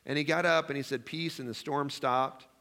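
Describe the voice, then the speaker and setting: A man's voice: medium pitch, fairly even intonation, brisk, bright, forceful tone. A man preaching a sermon as pastor in a church, chatty and self-deprecating, acting out his own worried prayers. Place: church sanctuary.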